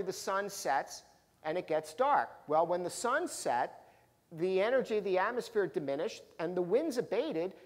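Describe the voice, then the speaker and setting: Animated male storyteller in a big hall. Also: high-pitched. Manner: animated storyteller, acting out the people in his stories. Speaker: professional speaker, local historian. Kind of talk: storytelling talk to a live audience. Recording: long reverb of a large hall.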